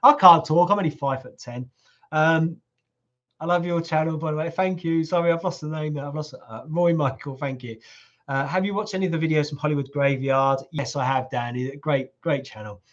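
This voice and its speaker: A middle-aged man hosts a casual live stream, joking and teasing as he answers viewers. His voice sits fairly high for a man and is wearing a little hoarse. The sound is dull and lo-fi. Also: brisk. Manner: jokey, teasing, chatty. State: voice going hoarse. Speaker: livestream host reading viewer comments. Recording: lo-fi livestream audio.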